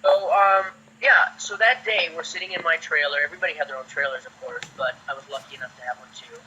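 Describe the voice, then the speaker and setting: Bright-voiced man telling stories. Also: a little high, fast talker, slight background noise. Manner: lively, chatty, acts out quotes. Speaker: actor guest. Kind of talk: casual anecdote storytelling. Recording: dull lo-fi sound.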